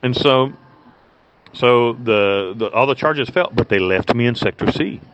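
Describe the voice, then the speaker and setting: An American man serving time speaks from his prison cell over a cell phone as an interview guest, telling meandering stories in blunt, foul language with lots of restarts. His mid-range voice is fairly bright and his pace measured, and the call sounds muffled and lo-fi with faint noise.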